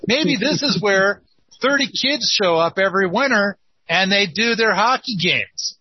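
Man, host, casual chat, husky, fairly high voice, dull lo-fi dry sound. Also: animated, measured pace, no room sound. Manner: playful, teasing.

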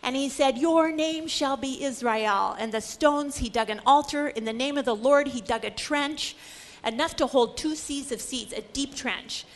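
A woman's voice: high voice, moderate pace. A woman Bible teacher giving a scripture lecture, retelling stories with dramatic, emphatic storytelling.

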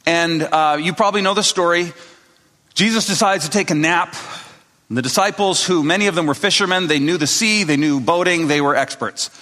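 A man's voice: fairly high pitch, brisk, pushed and bright. A man preaching a sermon to a congregation in a casual, storytelling way, acting out the people in his stories. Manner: conversational storytelling, acting out quotes. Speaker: pastor. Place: church hall. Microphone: speaking to a live congregation. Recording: long reverb of a large hall.

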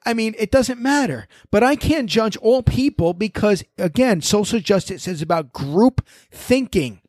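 A man's voice: sits high, a little slow, no echo. A pastor tells his stories in a slightly raised voice, acting out both sides of each exchange. The sound is dry and close, with no room around it. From United States. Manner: storytelling, animated, quoting exchanges. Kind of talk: conversational panel discussion.

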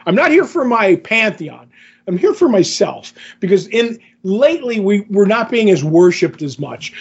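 High-voiced man recapping comics excitedly. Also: muffled recording. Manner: excited, rambling, acts out quotes. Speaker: podcast co-host. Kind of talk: casual comic book recap.

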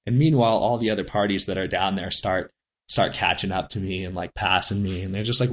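Low-voiced man telling a climbing story. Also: fairly even intonation, fairly quick, a bit bright. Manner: rambling, laughing, acts out quoted lines. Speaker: interview guest, climber. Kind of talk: casual storytelling.

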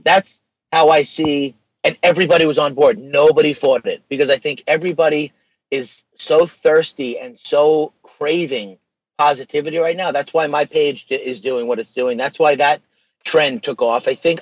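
A man with a husky, slightly breathy voice tells his stories with earnest energy and casual slang. The sound is dry and close, a bit dull and lo-fi. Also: a little high, dry recording. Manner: earnest, animated storytelling with slang. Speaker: guest. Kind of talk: casual podcast conversation.

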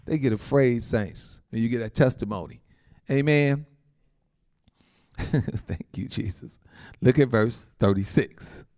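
A man preaching as a pastor, animated and laughing often, with frequent amens. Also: medium pitch, slow pace, long pauses. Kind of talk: sermon.

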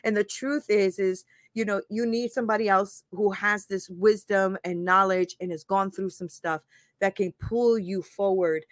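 A woman's voice: mid-range voice, fairly even intonation, moderate pace, dry recording. A woman hosting a live motivational talk, candid and laughing often, swearing casually and voicing her own inner critic as she speaks. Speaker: life coach and show host.

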